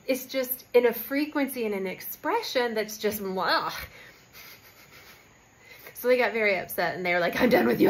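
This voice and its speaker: A woman's voice: fairly high pitch, rough recording. A young adult woman spiritual guide telling a story in casual talk, with fillers and quoted lines.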